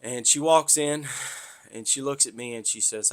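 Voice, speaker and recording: A man's voice: medium pitch, moderate pace. A man from north Florida with a Southern accent, hosting a podcast in a rambling, profane, blunt monologue. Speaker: podcast host. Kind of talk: casual monologue.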